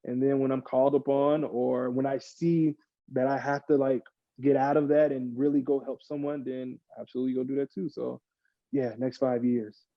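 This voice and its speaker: A man, a podcast guest, chatting casually and getting worked up, acting out other people in quick mock quotes. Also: medium pitch, no echo, muffled recording. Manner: animated, rants with mock quotes. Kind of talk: casual chat.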